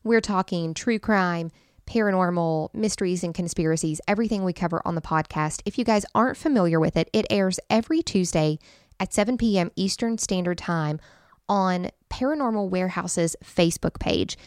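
A woman co-hosting a podcast in casual chat, bubbly and quick to laugh as she reads out listener reviews. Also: fairly low pitch, darkish tone, smooth, no room sound, studio quality. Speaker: podcast co-host.

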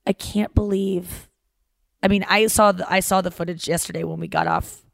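A woman's voice: fairly low pitch, moderate pace, gravelly, no room sound. A woman in her thirties hosting a casual podcast chat, telling stories with lots of fillers and acted-out quotes. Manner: animated storytelling with lots of fillers and voiced quotes. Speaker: podcast host.

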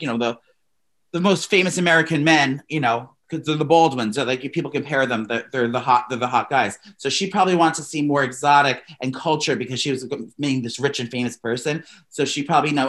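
A man co-hosting a casual celebrity gossip podcast, animated and profane, breaking into mocking impressions. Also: a little high. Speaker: podcast co-host.

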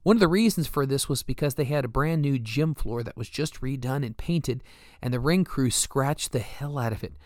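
A man reading a first-person memoir in a steady storytelling manner. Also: mid-range voice, normal speed, no room sound, studio quality. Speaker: narrator.

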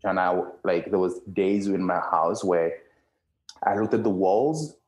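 A man in his thirties with a fairly low voice speaks earnestly in casual podcast chat. He rambles and restarts often, and the room gives his words a noticeable echo. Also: a little slow, darkish tone. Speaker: guest cohost. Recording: roomy echo.

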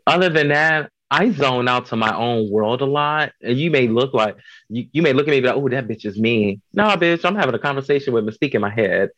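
A man from Chicago talks as a guest on an interview show, blunt and profane, cracking jokes about himself as he goes. His voice sits at an ordinary pitch, and the recording is dry and close with no room sound. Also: expressive, fast, a bit bright, no echo, muffled recording. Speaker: drag performer guest. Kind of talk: casual interview chat.

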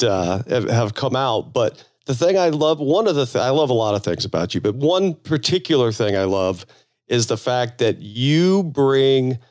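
A man's voice: medium pitch, no room sound, studio quality. A man co-hosting a podcast, talking in a rambling, earnest way and repeating words as he goes. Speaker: podcast co-host. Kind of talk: casual podcast chat.

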